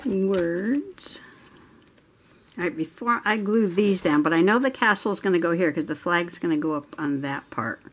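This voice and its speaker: Slow, low-voiced woman crafting and chatting. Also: lively intonation. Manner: chatty storyteller, laughs often. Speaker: journaling channel host. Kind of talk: casual crafting chat while coloring.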